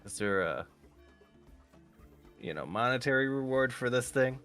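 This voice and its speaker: A man's voice: mid-range voice, expressive, measured pace, fairly bright tone, clean tone, faint music behind. A man playing in a tabletop game, joking sarcastically in character and laughing often. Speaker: player. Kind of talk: casual in-character game banter.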